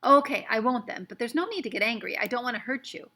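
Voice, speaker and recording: A woman voicing an eager young boy who talks quickly and pleads earnestly. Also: on the high side, expressive, bright, forceful tone, exaggerated voice. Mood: soothing.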